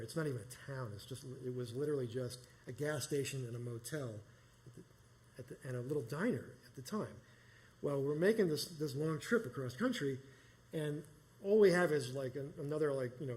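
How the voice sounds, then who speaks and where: A man's voice: mid-range voice, a little mellow. A middle-aged man from New York telling a personal story live, rambling and conversational with many restarts. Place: small performance space.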